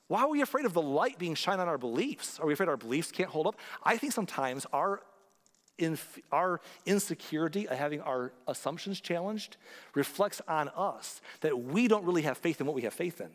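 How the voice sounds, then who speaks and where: A man's voice: a little high, big pitch swings, brisk, long reverb tail. A man who is a pastor, preaching a sermon in an earnest, conversational way, rising to emphatic points.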